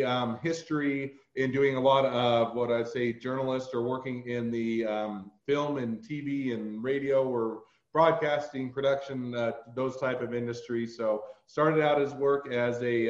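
A man's voice: medium pitch, roomy sound, dull audio. A man from Utah with a Utah accent, hosting a casual podcast interview and talking in a rambling way full of fillers and asides. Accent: Utah, American. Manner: rambling, filler-heavy, digressive. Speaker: podcast host.

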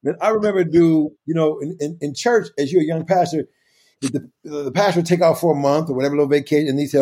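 Husky high-voiced animated man. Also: fast. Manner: animated, bursts into high laughing shouts. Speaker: podcast co-host, pastor. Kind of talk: casual storytelling chat.

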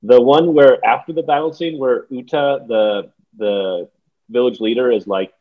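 A man co-hosting a podcast chat about a film. He rambles through his points with plenty of "like" and breaks into laughter along the way. His voice sits at a middle pitch, and the recording sounds a little dull and lo-fi. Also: a little slow. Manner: rambling, many "like" fillers, laughs often. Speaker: podcast co-host. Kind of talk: casual movie discussion.

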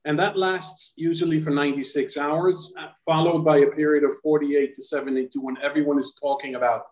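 A man's voice: fairly high pitch, steady tone, brisk, darkish tone, echoey room, poor audio. A man who is a former Israeli diplomat, giving analysis as a podcast guest in a conversational way with many restarts. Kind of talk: podcast interview answer. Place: Tel Aviv.

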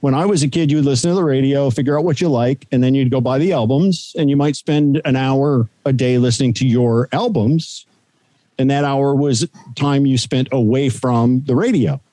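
A man with a dark, mellow voice recalls his radio days in a relaxed, storytelling way. The sound is dry and close, with no room around it. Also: medium pitch, normal speed, no echo. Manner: storytelling, animated anecdotes. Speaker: radio broadcaster guest. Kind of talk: casual interview chat.

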